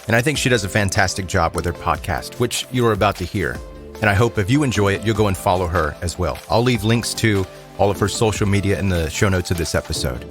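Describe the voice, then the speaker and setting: A man's voice: sits low, a little fast, music in the background. A man hosting a true crime podcast, introducing a guest host in a friendly, casual way.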